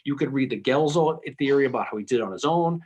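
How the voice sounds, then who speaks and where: A man with a slightly husky voice talks in a lively, swooping way, his pitch rising and falling as he works through a point. He chats casually on a history podcast and restarts his sentences often as he thinks aloud. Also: quick pace, highs cut off. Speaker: podcast panelist.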